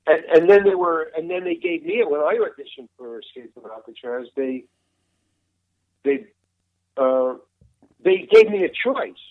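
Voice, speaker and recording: A man's voice: a little high, sing-song, a little slow, gravelly, pauses often, dry recording. An older man, a veteran actor, telling rambling anecdotes in an interview and acting out the dialogue he quotes. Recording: tinny phone-like line, dry.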